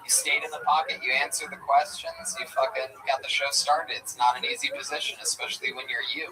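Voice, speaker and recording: A man hosting a live comedy show, roasting the comics with loud, profane banter. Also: fairly high pitch, fairly quick, hardly any pauses, distant mic, a loud crowd, rough recording.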